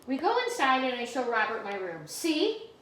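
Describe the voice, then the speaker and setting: Woman teacher reading a storybook aloud to kids, bright and higher-pitched, recorded from a distance. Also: fairly quick. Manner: animated, explains new words to children. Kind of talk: reading a picture book aloud to students. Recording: echoey room, mic at a distance.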